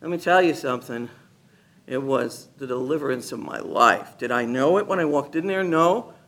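A man giving a personal testimony to a gathered group, an animated storyteller who acts out other people's lines and laughs often. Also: mid-range voice, normal speed. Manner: laughs often while talking. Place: meeting room with a gathered group.

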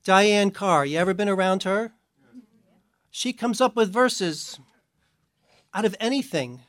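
A man's voice: sits high, measured pace, a bit bright, dry recording. A man from New York giving a conversational sermon as a Bible teacher, with chatty, self-mocking asides.

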